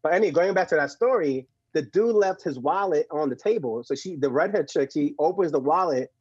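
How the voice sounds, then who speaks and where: A young adult man from Puerto Rico with a Puerto Rican accent, a podcast guest telling stories in a slangy, animated way and laughing often. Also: a little high, brisk, breathy edge, no room sound, highs cut off. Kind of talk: casual podcast conversation.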